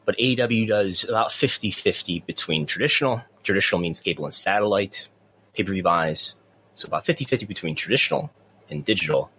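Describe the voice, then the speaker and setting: A man with a very low, deep voice co-hosts a podcast in easygoing chat. He often repeats his first words as he gets a sentence going. A faint ambience sits behind him. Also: fairly bright tone, slight background noise. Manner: chatty, repeats words when starting sentences. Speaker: podcast co-host.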